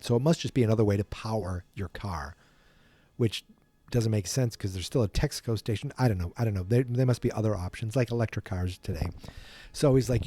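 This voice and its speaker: A man's voice: fairly low pitch, a little fast, dark tone, no room sound. A man hosting a podcast, casually retelling a film from memory in a rambling, self-deprecating way. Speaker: podcast host.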